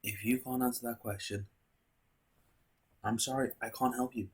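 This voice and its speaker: A man's voice: mid-range voice, steady tone, normal speed, breathy edge. A man hosting a video, musing aloud to his viewers in a philosophical monologue full of rhetorical questions. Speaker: video host.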